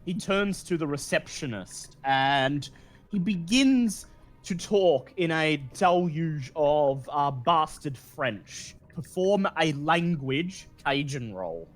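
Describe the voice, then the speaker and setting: A man narrating as game master in a tabletop role-playing game, laid-back and quick to laugh. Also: a little high, animated, soft background music.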